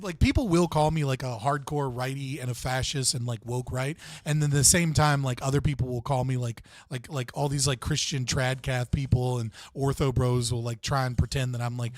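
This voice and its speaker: A man's voice: mid-range voice, normal speed, no room sound, studio quality. A man hosting a live stream, casually reacting to clips in a rambling way with lots of fillers and frequent laughs.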